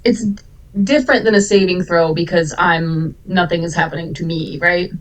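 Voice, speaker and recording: A woman's voice: fairly low pitch, steady tone, moderate pace, poor audio. A woman playing a tabletop game, playful and mischievous. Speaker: player. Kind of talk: casual tabletop play.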